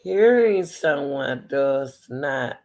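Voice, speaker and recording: A woman's voice: extremely low pitch, expressive, drawn-out words, a little mellow. A woman, hosting her channel and talking casually to camera, playful and teasing, laughing often and calling people baby and sweetie. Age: 60s. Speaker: channel host.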